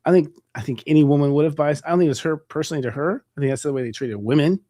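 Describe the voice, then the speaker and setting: A man hosting a casual spiritual interview, talking quickly and chattily with many filler words. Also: a little high, dark tone, no echo, clean studio sound. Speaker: host. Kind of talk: conversational interview.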